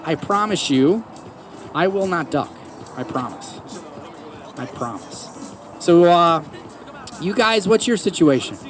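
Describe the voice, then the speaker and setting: A man in his forties doing a stand-up comedy set outdoors in a park, telling stories deadpan with self-mocking punchlines. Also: high voice. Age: 40s. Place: outdoors in a city park under a tree.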